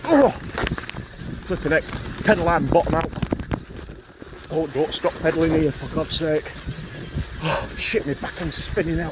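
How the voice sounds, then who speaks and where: A man with a Yorkshire accent talks breathlessly to the phone camera in his hand as he bikes up muddy hill tracks outside, groaning, swearing and cracking jokes. He's a vlogger giving casual commentary on the ride, and his voice sits on the high side in a very noisy recording.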